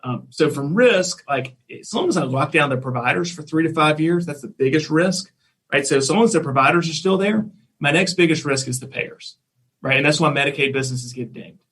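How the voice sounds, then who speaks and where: A man's voice: a little high, animated, fairly quick, fairly bright tone, breathy edge. A man hosting a business podcast, recapping his guest's points and thinking them through aloud. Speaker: podcast host. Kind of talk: podcast interview.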